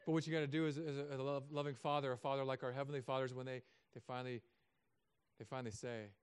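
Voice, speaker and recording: A man preaching a sermon as a pastor, telling stories with self-mocking humor and often dropping to soft, quiet tones. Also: medium pitch, level tone, very fast, clean tone.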